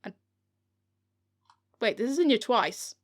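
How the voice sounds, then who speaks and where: A British woman, the author herself, reads her novel aloud for an audiobook on a home recording mic, frequently giggling and cursing when she fumbles a line. Her voice is a little high and animated, and she takes her time.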